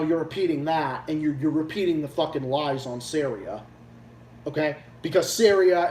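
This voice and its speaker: A man's voice: a little high, darkish tone. A man from Massachusetts hosting a livestream, ranting in a heated, profane and blunt way. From Massachusetts, USA. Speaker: livestream host. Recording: echoey room, distant mic, faint hum.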